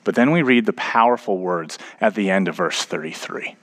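A man's voice: low voice, lively intonation, moderate pace, fairly bright tone. Male pastor, 30s, sermon delivery, storytelling that climbs into emphatic preaching.

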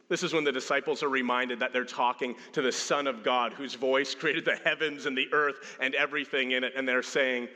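Pastor preaching in a reverberant hall. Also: male voice, medium pitch, fairly even intonation, brisk, few pauses, sharp tone. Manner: storytelling, acts out quotes with a raised voice. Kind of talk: sermon.

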